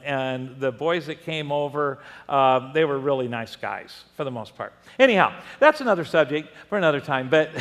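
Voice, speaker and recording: An older man preaching a sermon, his voice fairly high for a man and full of animated swings. He tells stories with laughing asides. A long reverb of a church hall trails each phrase. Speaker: pastor.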